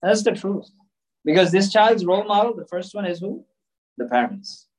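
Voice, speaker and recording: A man's voice: high-pitched, expressive, moderate pace, a little mellow, low-quality recording. A man preaching a sermon, emphatic and full of rhetorical questions. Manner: emphatic, rhetorical questions, mixes in Urdu and Arabic phrases.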